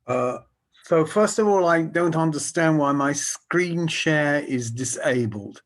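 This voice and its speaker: An older man and grandparent reading a tribute slowly and hesitantly over a video call. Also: on the high side, animated. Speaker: grandparent speaker.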